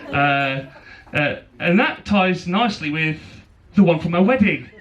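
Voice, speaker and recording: Joking best man with a lively voice. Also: on the high side, unhurried, dull audio. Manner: joking, teasing the groom, laughing between lines. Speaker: best man giving a wedding speech. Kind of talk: wedding speech with a rhyming poem. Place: wedding reception venue with guests. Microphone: handheld microphone. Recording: wedding video with crowd noise. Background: crowd of guests laughing.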